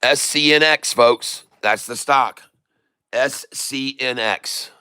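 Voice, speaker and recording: A middle-aged man hosting live day-trading commentary, excitable and folksy, repeating phrases for emphasis. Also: medium pitch, slow, smooth. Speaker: day trader host.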